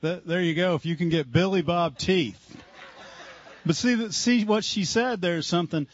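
A man's voice: high voice, moderate pace. A man leading a church service, responding fervently to testimonies with bursts of praise. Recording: muffled recording.

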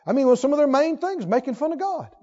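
A man preaching a sermon in a church, fervent and emphatic, swinging from loud to hushed. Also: very high voice, animated, quick pace. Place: church sanctuary. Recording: lo-fi recording with long hall reverb.

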